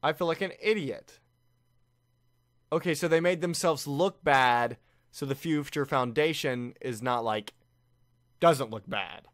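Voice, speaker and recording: A young man giving casual reaction commentary on an anime, excited and laughing, briefly mimicking the characters' lines. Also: mid-range voice, a little slow, long pauses, dry recording, studio quality.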